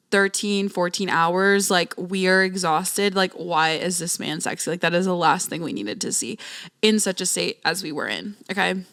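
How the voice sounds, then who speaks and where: Young woman, podcast host, casual storytelling, animated, slangy, medium pitch.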